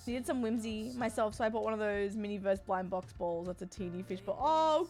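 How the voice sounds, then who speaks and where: A woman's voice: lively intonation, faint music behind. A young Australian woman streamer chatting casually with her viewers in a bubbly, chatty way. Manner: bubbly and chatty, quick swings up in pitch.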